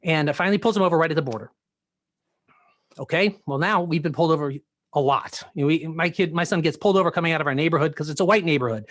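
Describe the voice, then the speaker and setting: A man's voice: a little high, quick pace, a bit bright, no echo. A man, a pastor, telling a personal story in a sermon with earnest, filler-laden storytelling and voiced quotes.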